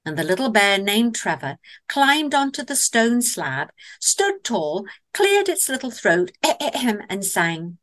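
A woman tells a whimsical tale at an unhurried pace, her voice lifting high and swooping with expression. She delivers it playfully and theatrically. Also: sing-song, fairly bright tone. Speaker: guest storyteller. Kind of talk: fanciful storytelling.

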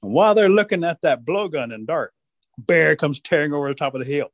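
A man's voice: a little high, expressive, fairly quick, no echo. Male storyteller with a lifted voice. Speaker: Cherokee storyteller. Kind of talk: oral folk storytelling.

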